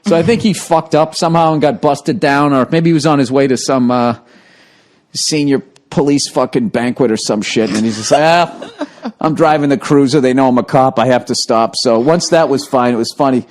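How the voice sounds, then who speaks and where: A man's voice: mid-range voice, moderate pace, darkish tone. A man hosting a podcast, telling a story in casual chat, swearing a lot and laughing through it. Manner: profane, laughs through his own story. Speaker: podcast host.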